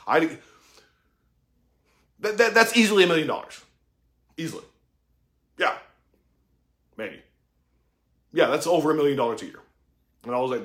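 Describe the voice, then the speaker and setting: A man giving a casual monologue about mentorship, profane and excitable, full of slang, acting out conversations he quotes. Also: on the high side, normal speed, long pauses. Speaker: tattoo artist talking about mentorship.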